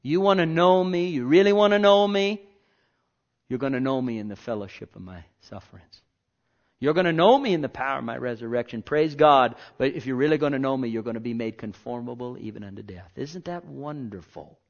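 A man preaching a sermon as pastor, swinging between loud declarations and hushed asides and pressing the listeners with rhetorical questions. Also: mid-range voice, animated, brisk, gravelly. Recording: dull lo-fi recording.

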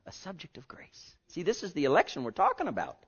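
A man preaching a sermon with passion, swinging from hushed, drawn-out words to loud cries. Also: a little high, huge pitch swings, creaky, slightly rough, highs cut off.

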